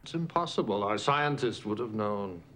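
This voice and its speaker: A man's voice: on the low side, lively intonation, moderate pace, a bit bright. An actor playing a stubborn male alien leader who speaks curtly and dismissively. His lines come from a TV episode clip. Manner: dismissive, curt. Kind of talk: 1980s TV drama acting. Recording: TV episode clip with faint music.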